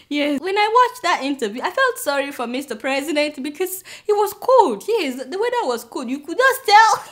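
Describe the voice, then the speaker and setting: Lively high-voiced Nigerian woman, sarcastic. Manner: sarcastic, laughs often between remarks. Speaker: show host. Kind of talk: satirical comedic commentary.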